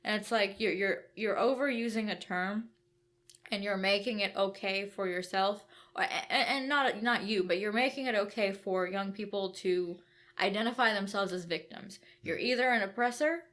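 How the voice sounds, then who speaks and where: A woman's voice: mid-range voice, normal speed, a bit bright. Woman explaining ideas step by step. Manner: explanatory, builds points step by step with "right?". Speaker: podcast co-host. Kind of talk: conversational book discussion.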